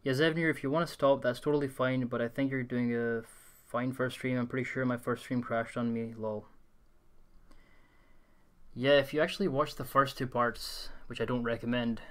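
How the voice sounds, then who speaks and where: A man's voice: mid-range voice, fairly even intonation, moderate pace, a bit bright. Tired young man with a mild Scottish accent. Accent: mild Scottish, mostly English-leaning. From Scotland. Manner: rambling, reads and answers chat with many restarts. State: tired from the heat. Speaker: game streamer. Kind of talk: casual live-stream chat while gaming. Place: hot room at home in the UK. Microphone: desk USB condenser mic.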